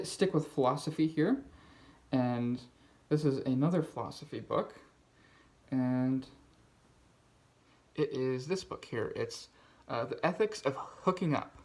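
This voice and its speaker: A man's voice: mid-range voice, darkish tone. Chatty man rambling about books. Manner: rambling, many fillers and restarts. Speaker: BookTube host. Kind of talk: casual book talk.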